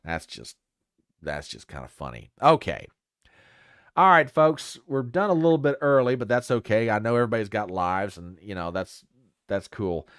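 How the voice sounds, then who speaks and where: A man's voice: on the low side, sing-song, moderate pace, fairly bright tone, dry recording, studio quality. An older man hosting a casual talk show, reading news aloud with sarcastic asides. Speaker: podcast host. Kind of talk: casual livestream commentary.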